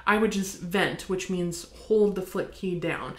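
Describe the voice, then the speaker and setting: An American woman teaching bassoon, explaining in a friendly way and counting beats aloud. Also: measured pace, fairly bright tone. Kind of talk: instructional demonstration. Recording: echoey room.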